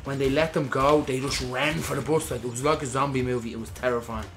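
He's a fast-talking Irish co-host on a gaming podcast, with a medium-pitched voice over soft background music. Chatting casually as he plays, he swears freely and acts out every quote in animated storytelling.

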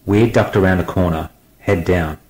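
A man reading an audiobook aloud in a steady, dramatic manner. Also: deep voice, normal speed, echoey room, low-quality recording. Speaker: guest audiobook narrator. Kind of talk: scripted audiobook narration.

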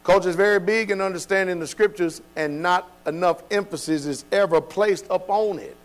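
A man's voice: sits high, brisk. A man preaching at a Bible study, with an emphatic, informal style full of rhetorical questions. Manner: informal speech with dropped verbs.

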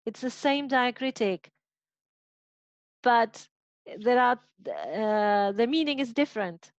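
Argentine-accented woman teacher, higher voice, patient explainer, dry dull video-call sound. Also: animated, takes it slowly, no echo. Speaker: phonetics teacher. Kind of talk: online class explanation.

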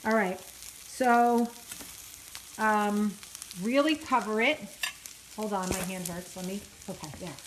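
A chatty woman talks her viewers through a recipe, full of fillers and jokes at her own expense. Her voice sits in a middle register. Loud frying and sizzling from the pan run under everything she says. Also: medium pitch, slow, long pauses, noisy background. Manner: chatty and self-deprecating, many fillers. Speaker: vlogger cooking on camera. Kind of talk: casual self-filmed cooking vlog. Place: home kitchen, frying at the stove. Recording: home kitchen with loud sizzling.

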